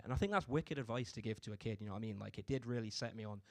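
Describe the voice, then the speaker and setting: A man's voice: on the low side, racing, hardly any pauses, dry recording, studio quality. A young man from doing a stand-up comedy set in a laid-back, conversational way. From Bristol, England. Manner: laid-back, conversational delivery with frequent "you know what I mean".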